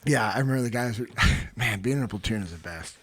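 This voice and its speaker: A man's voice: on the low side, fast, fairly bright tone, slightly rough. A man hosting a podcast, a former Navy SEAL, talking in an easygoing, plain-spoken casual chat.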